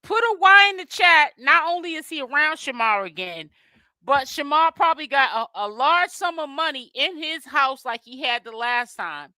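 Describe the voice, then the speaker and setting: Bright-voiced woman hosting a gossip livestream. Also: sits high, lively intonation, moderate pace, dry recording, poor audio. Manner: opinionated, addressing the chat directly.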